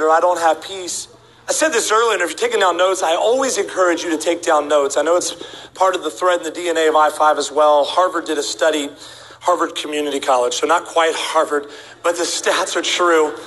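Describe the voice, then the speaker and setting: A man's voice: a little high, poor audio. A man preaching a humorous sermon to a church congregation, telling stories and acting out the voices of the people in them. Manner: animated, acts out voices of people in his stories. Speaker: guest preacher. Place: church sanctuary before a congregation.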